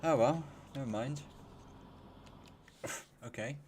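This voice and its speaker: A man hosting a casual live stream, chatty and quick to laugh, greeting viewers by name. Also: medium pitch, a little mellow, a little hiss or hum. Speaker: livestream host.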